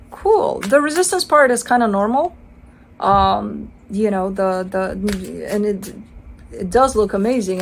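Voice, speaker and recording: A woman's voice: medium pitch, slight background noise. Chatty, playful woman reading tarot. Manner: chatty, swears casually; playful, acts out the listener's voice. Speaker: tarot reader. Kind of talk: casual tarot card reading.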